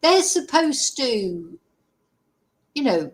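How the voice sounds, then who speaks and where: A woman's voice: high-pitched, big pitch swings, drawn-out words. A woman hosting a commentary vlog, scornful and exasperated, reading out a news article and picking it apart with sarcasm. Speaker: commentary channel host.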